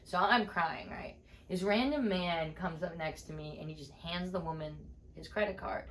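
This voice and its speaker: A woman comedian telling a story in a podcast chat, animated, acting out each exchange as she goes. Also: fairly low pitch, normal speed, slight background noise. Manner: animated, acts out every exchange with "I'm like".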